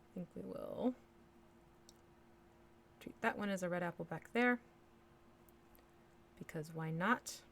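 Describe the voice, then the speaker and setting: A woman's voice: fairly low pitch, slow, gravelly, pauses often, fairly bright tone, a little hiss or hum. A woman from the States hosting a miniature painting livestream, chatting casually and thinking aloud as she works, with little hummed nonsense syllables. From United States. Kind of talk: casual chat while painting live.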